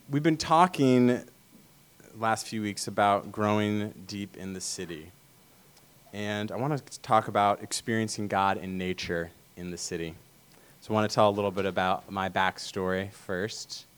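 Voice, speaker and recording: A man giving a casual sermon talk, telling stories easily and pausing on fillers. His voice sits low and comes through smooth and resonant. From Vermont, USA. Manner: relaxed, storytelling, many fillers. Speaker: church speaker.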